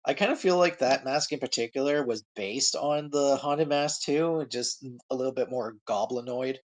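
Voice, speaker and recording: A man's voice: mid-range voice, normal speed, darkish tone. A man co-hosting a casual podcast chat, adding short asides and counterpoints.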